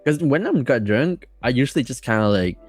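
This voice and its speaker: A man as a podcast guest telling a story casually, rambling and excited, with many fillers and restarts. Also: mid-range voice, brisk, faint music behind.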